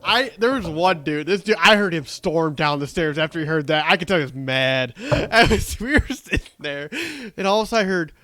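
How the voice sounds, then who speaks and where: A man's voice: on the high side, expressive, fairly quick, hardly any pauses, pushed and bright, no room sound. A young man co-hosting a casual podcast, chatting loosely and laughing often. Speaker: podcast co-host. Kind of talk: casual chat.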